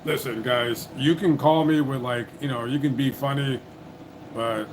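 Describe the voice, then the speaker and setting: A man hosts a casual live call-in stream, taking calls in a medium-pitched, steady, unhurried voice with some background noise. His manner is blunt and impatient, and he curses frequently.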